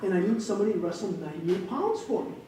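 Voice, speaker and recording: A man's voice: high-pitched, expressive, quick pace, dark tone, slight background noise. A man voicing a big, pushy male wrestling coach who coaxes and insists. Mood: insistent. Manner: insistent, coaxing. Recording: echoey hall, distant mic.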